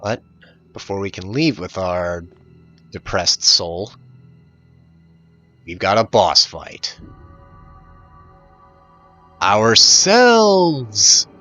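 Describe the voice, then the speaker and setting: A man's voice: sits low, slow pace, pauses often, sharp tone, faint music behind. A man hosting a gaming channel, giving voice-over commentary on gameplay in a profane, exasperated rant.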